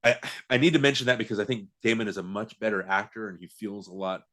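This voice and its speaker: A man's voice: fairly low pitch, fast talker, sharp tone. A man co-hosting a podcast, chatting casually about a film with many fillers, restarts and laughs. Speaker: podcast co-host. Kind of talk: casual movie chat.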